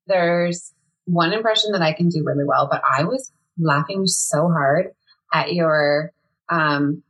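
Chatty podcast co-host, a woman with a low, husky voice. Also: measured pace, fairly bright tone, poor audio. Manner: chatty, laughs often, runs a game. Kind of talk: casual chat.

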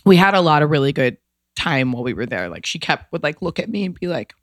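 A woman's voice: sits low, big pitch swings, fast talker, no echo, clean studio sound. A woman guest telling a personal story in a casual, emotional way, rambling with lots of fillers and restarts.

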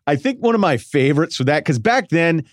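A man's voice: a little high, sing-song, fairly quick, no echo. A man in his forties hosting a podcast, telling casual stories in a loose, self-mocking way and laughing between phrases. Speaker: podcast host. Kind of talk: casual storytelling monologue.

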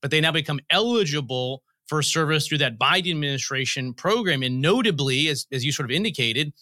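A man's voice: on the high side, expressive, a little fast, bright, forceful tone, no echo, studio quality. A man being interviewed as a guest on a podcast, explaining policy and telling analogies as he goes. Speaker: guest, federal commissioner. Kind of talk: interview answers.

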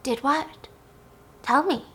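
A woman's voice: sits high, slow, a bit bright, voice pushed up. A woman voicing a cold, condescending female psychiatrist who taunts and belittles. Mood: coolly clinical. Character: cold, mocking female psychiatrist, middle-aged.

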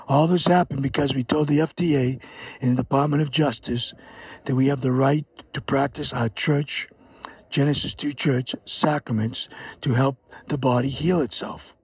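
A man's voice: mid-range voice, steady tone, normal speed, breathy edge. An older man, a church leader, giving a solemn recorded message to his followers.

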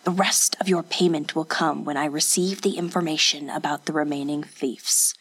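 A woman voicing a scheming male feudal lord in a hushed, muttered whispered role-play. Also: low-pitched, fairly even intonation, normal speed, breathy edge.

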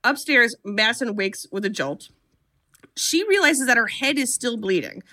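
A woman co-hosting a comedy podcast, recapping a horror film with lively storytelling and sarcastic asides. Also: on the high side, moderate pace.

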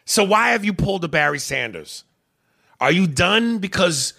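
A man co-hosting a podcast, chatting in an animated, opinionated way with some swearing. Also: fairly high pitch, unhurried, vocal fry. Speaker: podcast co-host. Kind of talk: casual chat.

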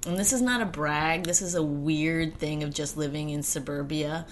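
A woman's voice: low-pitched, normal speed, slight background noise. A woman co-hosting a comedy podcast, telling a story in a teasing, exasperated way. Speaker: podcast co-host.

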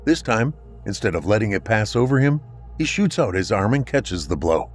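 A man narrating a scripted story in a dramatic, expressive reading. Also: fairly low pitch, normal speed, slightly rough.

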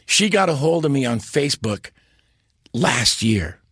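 A man in his sixties, an interview guest, telling stories in an animated way and breaking into impressions and big laughs. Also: mid-range voice, unhurried, husky, dry recording, studio quality. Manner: launches into impressions and laughs loudly. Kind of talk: animated storytelling.

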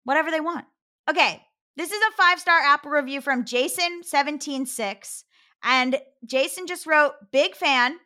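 An American woman hosting a podcast, chatting excitably and laughing often. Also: high-pitched, normal speed. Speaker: podcast host. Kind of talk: casual podcast chat.

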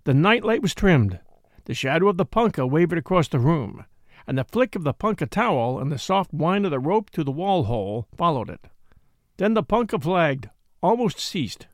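A man narrating a story as an audiobook, in an expressive, measured storytelling manner. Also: on the high side, no echo, studio quality.

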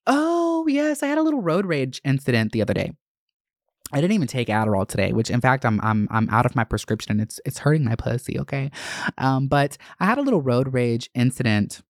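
Animated, foul-mouthed male podcast host. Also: fast talker, dry recording, studio quality. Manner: animated, profane, dramatic storytelling; jumps up in pitch for emphasis. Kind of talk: casual solo monologue.

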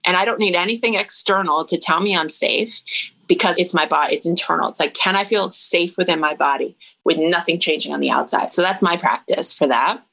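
A woman in her thirties, a podcast guest, talking in an earnest, reflective way with lively bursts. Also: on the low side, fairly quick, gravelly, poor audio. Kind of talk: casual interview conversation.

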